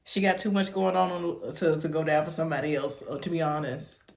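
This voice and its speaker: A woman's voice: deep voice, brisk, gravelly, a little mellow, faint music behind. A young woman hosting a reaction video, talking casually and exclaiming emotionally.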